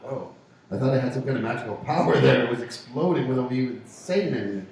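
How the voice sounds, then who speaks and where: A man's voice: mid-range voice, lively intonation, fast, a little mellow. Chatty man in an echoey pub. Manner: joking, chatty, laughs often. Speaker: co-host of a pub radio show. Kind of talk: casual banter. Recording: echoey pub room from far off. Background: faint room noise.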